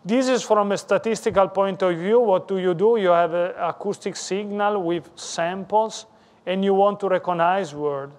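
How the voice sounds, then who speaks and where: A man's voice: sits high, normal speed. A man giving a technical lecture as a guest speaker, explaining step by step with occasional restarts and non-native grammar.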